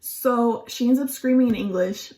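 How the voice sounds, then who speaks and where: A woman's voice: fairly high pitch, normal speed, mellow. A young adult woman telling a casual storytime on her vlog, chatty and profane, with lots of "like". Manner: chatty and profane, heavy use of "like". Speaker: vlogger.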